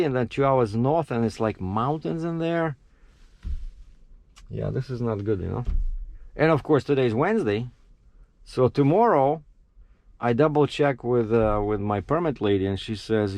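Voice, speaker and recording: A man's voice: mid-range voice, no echo. A man, a truck driver, telling stories in a casual vlog and acting out what people said, with a dry close sound. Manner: animated, acts out his own quotes, laughs at himself.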